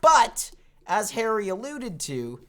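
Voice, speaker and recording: A man's voice: high-pitched, big pitch swings, takes it slowly, fairly bright tone. Playful male podcast host. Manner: teasing, playful, upbeat. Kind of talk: casual chat.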